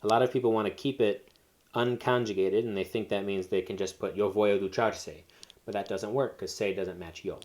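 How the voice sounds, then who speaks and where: Male teacher, lowish voice, walks learners through grammar step by step, casual and unscripted. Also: fairly even intonation, fairly quick, darkish tone. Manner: explains step by step with fillers and self-corrections. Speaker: Spanish teacher. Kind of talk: recorded classroom lesson.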